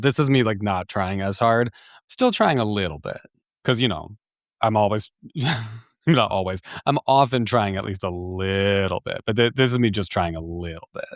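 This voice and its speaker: Podcast host, man, lowish voice, chatty storyteller who laughs a lot, dry close mic. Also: no room sound. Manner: chatty, animated, laughs often, many fillers and restarts. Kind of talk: casual storytelling monologue.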